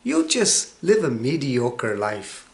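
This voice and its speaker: A man in his sixties with a cold-roughened, hoarse voice, giving an emphatic motivational self-help talk that sometimes drops to a hushed whisper. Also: medium pitch, huge pitch swings, slow pace. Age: 60s. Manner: emphatic preaching, dropping to a hushed whisper for stress. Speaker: motivational vlogger.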